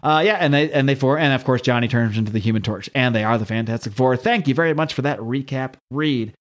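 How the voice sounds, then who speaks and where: A man's voice: mid-range voice, fast talker. A man hosting a podcast who recaps a cartoon episode in a joking, irreverent way, with swearing. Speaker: podcast host.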